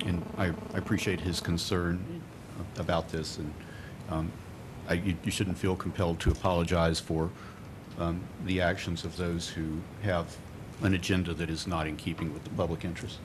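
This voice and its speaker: A man's voice: sits low, noisy background. A man speaking as a city commissioner at a council meeting, hesitant and full of fillers.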